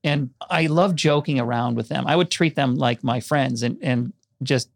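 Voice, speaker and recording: Gravelly man telling lively stories. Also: medium pitch, normal speed, no echo, studio quality. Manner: animated anecdotes, acts out quoted voices. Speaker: guest, documentary filmmaker. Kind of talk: conversational storytelling.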